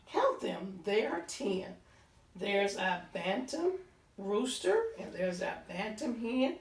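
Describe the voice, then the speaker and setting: A woman reading a picture book aloud to children, pausing to point out pictures and count along. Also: medium pitch, big pitch swings. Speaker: storytime reader. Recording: roomy sound, voice distant from the mic.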